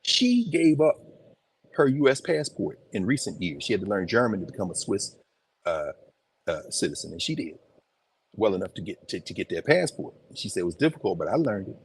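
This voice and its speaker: A man giving an informal, animated lecture on location in a museum, talking conversationally with emphatic asides. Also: lowish voice, a little fast, slight background noise. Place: museum, indoors.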